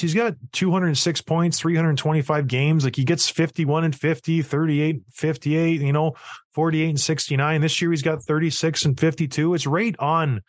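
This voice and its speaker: Animated, ranting man with a bright edge. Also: a little high, dry recording, clean studio sound. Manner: animated, ranting storyteller who acts out quotes. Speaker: podcast host, former hockey player. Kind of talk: casual hockey chat.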